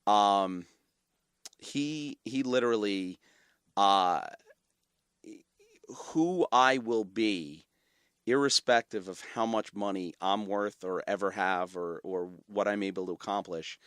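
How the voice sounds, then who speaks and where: A middle-aged man with a New York accent, a company founder telling a heartfelt story in an interview, animated and full of fillers. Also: lowish voice, slow, clean tone, no echo, clean studio sound. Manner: animated, repeats words, many fillers. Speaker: guest, company founder and CEO. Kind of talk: emotional storytelling in conversation.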